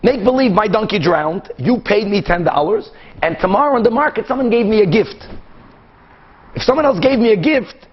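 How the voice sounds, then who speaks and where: High-voiced animated rabbi teaching Talmud. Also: male voice, slightly rough, highs cut off. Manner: animated, acts out both sides of cases with quick back-and-forth. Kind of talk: Talmud class lecture.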